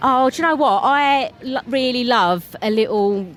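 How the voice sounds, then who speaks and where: A woman's voice: on the high side, moderate pace, slight background noise. A tired young woman with a Cockney accent, chatting as a guest in an interview in a giggly, scatterbrained way. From England. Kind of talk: casual interview.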